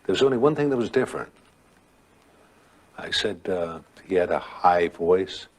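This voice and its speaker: Older male storyteller, very deep and husky, rambling delivery with dramatic pauses; a spoken ghost tale told from memory. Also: lively intonation.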